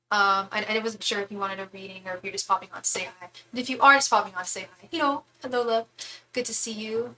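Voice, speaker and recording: A woman's voice: on the high side, bright, forceful tone, slight background noise, rough recording. A young woman hosting a casual live stream from home, chatty and rambling, full of "like.". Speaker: tarot reader and live-stream host.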